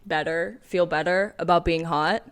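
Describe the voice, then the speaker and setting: A woman's voice: on the low side, steady tone, normal speed, background noise. A woman co-hosting a podcast in playful, self-mocking casual chat. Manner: playful, self-mocking, does silly voices. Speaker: podcast co-host.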